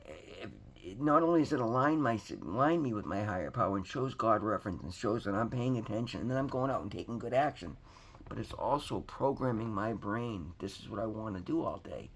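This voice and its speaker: A man's voice: on the low side, lively intonation, a little fast. A man giving an earnest, rambling personal testimony to his viewers, emphatic and calling them guys. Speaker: recovery vlogger.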